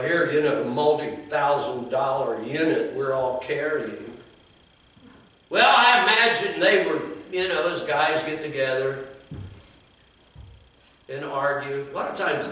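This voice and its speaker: An older man preaching a sermon in a folksy, conversational way, with asides to the congregation, in a church sanctuary. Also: medium pitch. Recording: echoey church from a distance.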